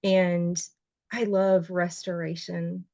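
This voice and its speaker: A woman, a writer and journalist, telling her story as a guest on a podcast interview, heartfelt and expressive, her voice leaping up when she gets emotional. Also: slow pace, no room sound, dull audio. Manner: voice jumps high when emotional.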